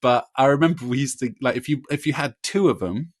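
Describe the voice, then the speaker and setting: A man, co-hosting a casual podcast chat in a relaxed, agreeable way. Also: medium pitch, fairly quick. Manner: laid-back, agrees a lot, chuckles. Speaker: podcast co-host.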